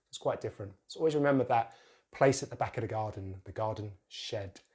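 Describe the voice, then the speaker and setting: A man with a British accent teaching English pronunciation, repeating words slowly and clearly with exaggerated vowels. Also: mid-range voice, a little mellow. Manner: slow, exaggerated word drills. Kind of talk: pronunciation lesson.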